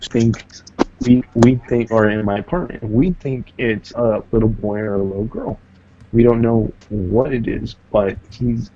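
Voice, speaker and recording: A man co-hosting a podcast, telling a story in a casual, profane, animated way and acting out the voices of the people in it. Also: on the low side, dull audio. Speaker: podcast co-host.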